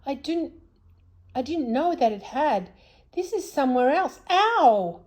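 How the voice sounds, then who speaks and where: A woman voicing an anxious, hard-of-hearing old Saucepan Man from a children's story, with shrill squealing cries. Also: very animated, slow pace, darkish tone, heavily acted. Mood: dismayed.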